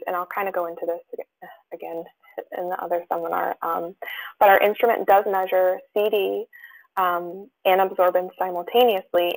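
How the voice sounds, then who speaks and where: A woman with a fairly low-pitched voice presents a live webinar, reading audience questions aloud and answering them with many fillers and restarts. The recording is rough.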